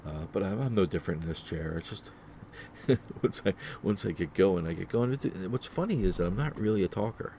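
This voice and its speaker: Male solo podcast host, deep mellow voice, rambling and repetitive, heavy on fillers. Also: lively intonation, a little fast, slight background noise. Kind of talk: solo casual podcast monologue.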